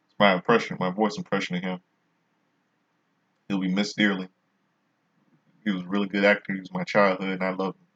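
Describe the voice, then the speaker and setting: A man's voice: low-pitched, breathy edge, highs cut off. A man casually reviewing a wrestling show in a vlog, rambling and often restarting his sentences.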